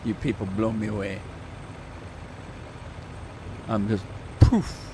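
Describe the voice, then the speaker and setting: A man's voice: on the low side, slow pace, noisy background. A man casually commenting on his farming game livestream, chatting with his viewers, joking at himself and humming as he plays. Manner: chatty, self-mocking, talks to chat, hums while playing. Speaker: livestream gamer.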